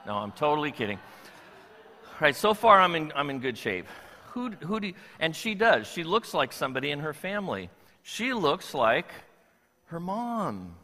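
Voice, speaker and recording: A man's voice: on the high side, very animated, moderate pace, sharp tone. An older man preaching a sermon as pastor, playful and joking with his congregation. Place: church sanctuary. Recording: long reverb of a church hall.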